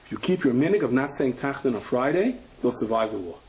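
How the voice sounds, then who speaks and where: A middle-aged man, a rabbi, giving a sermon full of animated, rapid storytelling. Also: mid-range voice, noisy background.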